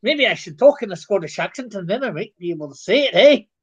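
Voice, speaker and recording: A man's voice: high voice, big pitch swings, a little fast, husky, lo-fi sound. A man hosting a live stream in casual chat, reading viewer comments aloud, rambling and stumbling over his words.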